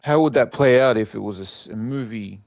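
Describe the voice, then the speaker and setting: A man in a casual test session, pushing an assistant with insistent requests. His speech halts and restarts as he searches for words, and his voice sits at an ordinary pitch in a dry setting. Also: brisk, creaky, darkish tone, dry recording. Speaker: user testing the assistant. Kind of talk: casual instructions.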